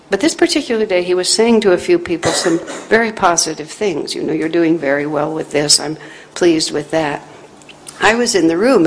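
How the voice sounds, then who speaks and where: A low-voiced woman speaks as a spiritual teacher, recounting a personal story in an earnest, reflective way. She grows animated when quoting others, over a faint hum of ambience. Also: low-quality recording. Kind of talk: storytelling talk.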